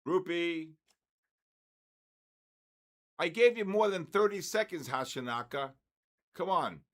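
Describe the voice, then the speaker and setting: On his live trading stream, an older host jokes with mock exasperation and hollers viewers' names in a sing-song. His voice runs on the high side, animated and slow.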